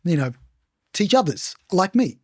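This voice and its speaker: A male podcast host asks curious, easygoing questions in a slightly husky voice. His pitch moves around a lot as he talks, and the sound is dry and close to the mic. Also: a little slow, no room sound. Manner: relaxed, curious, loose questions with fillers. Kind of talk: casual podcast interview.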